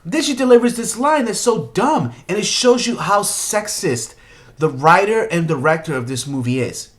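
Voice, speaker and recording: A man's voice: high voice, animated, normal speed. A young man ranting about a movie in an exasperated, opinionated way, firing off rhetorical questions. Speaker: movie commentator.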